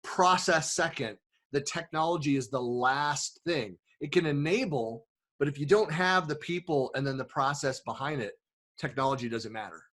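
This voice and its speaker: A man hosts a casual conversational interview in a somewhat high voice. He speaks earnestly, stretching out key words to drive points home. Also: fairly bright tone. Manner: earnest, emphatic, slows down to stress points. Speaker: host.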